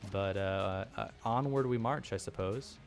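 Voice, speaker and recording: A man's voice: fairly low pitch, unhurried, faint music behind. Rambling young man narrating his gameplay. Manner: rambling, self-deprecating, chuckling asides. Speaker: gameplay commentator. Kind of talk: casual let's-play commentary.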